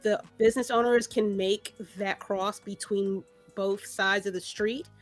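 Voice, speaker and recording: A woman co-hosting a casual podcast, talking in an animated way with laughs and many restarts. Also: mid-range voice, measured pace, soft background music. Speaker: podcast co-host. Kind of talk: casual chat.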